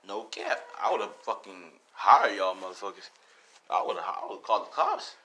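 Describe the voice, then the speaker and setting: A man with a lowish voice rambling through a fan story in a loose, off-the-cuff way. He swears freely and talks to the viewer like a friend. The tone is relaxed and unpolished. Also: a little slow. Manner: rambling, profane, laid-back. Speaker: storyteller youtuber. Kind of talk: casual retelling of a fan story.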